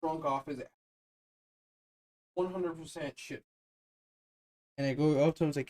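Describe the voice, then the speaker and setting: A man's voice: fairly high pitch, fairly even intonation, moderate pace, long pauses, a little mellow, dry recording, clean studio sound. A young man co-hosting a podcast, telling a long story in a rambling casual way and acting out his friends' lines. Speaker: podcast co-host.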